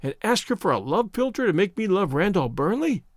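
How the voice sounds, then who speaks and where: A man reading aloud, voicing a proud, quick-tempered young woman who talks in an imperious, scornful way. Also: high voice, very animated, no echo, clean studio sound.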